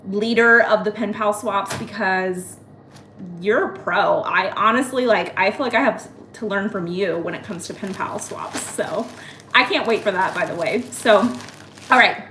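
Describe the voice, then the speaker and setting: A woman's voice: mid-range voice, a little hiss or hum. Chatty woman in an echoey room. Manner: chatty and excitable, addressing viewers by name. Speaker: host. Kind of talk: casual live-stream haul chat.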